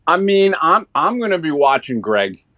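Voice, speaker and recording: A man co-commenting a live sim racing broadcast from his home office, speaking in a relaxed, halting, teasing way. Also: on the high side, no room sound. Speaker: race co-commentator. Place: home office on a remote call.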